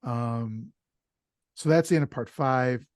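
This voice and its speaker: A man hosting a podcast, retelling the plot of an old film in an animated, casual way with fillers. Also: medium pitch, slow pace, no room sound, studio quality. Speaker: podcast host.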